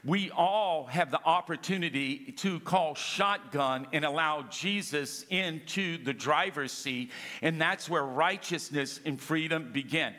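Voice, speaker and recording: A man's voice: a little high, bright, forceful tone. A man preaching a sermon as pastor, emphatic, often calling for the congregation to answer back. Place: church sanctuary. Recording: long reverb of a large hall.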